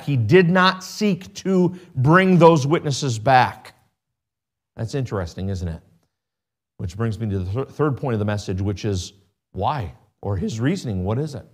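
A man's voice: mid-range voice, lively intonation, measured pace. A man preaching a sermon, asking his congregation rhetorical questions and reading scripture in King James wording.

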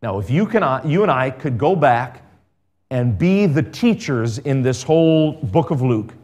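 A man preaching a sermon as pastor, reading scripture aloud and swinging between emphatic and quiet delivery. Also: mid-range voice, expressive, measured pace.

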